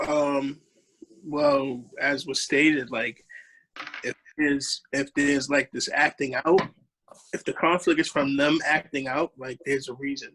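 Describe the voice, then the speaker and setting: A man's voice: mid-range voice, fairly even intonation, slow pace, fairly bright tone, a little hiss or hum. A man on an online panel, telling a story with lots of laughter and slangy, casual phrasing. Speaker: educator on a panel.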